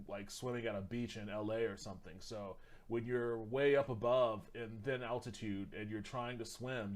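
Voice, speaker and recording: A man streaming, reacting to videos in a loose, rambling casual chat that includes some swearing. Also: medium pitch.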